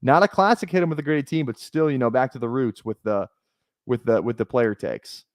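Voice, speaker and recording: A young man chats casually on a live stream, thinking aloud and often restarting his sentences. His voice sits at an average pitch. The recording is dry and close, with no room echo. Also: a little fast. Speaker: fantasy football streamer.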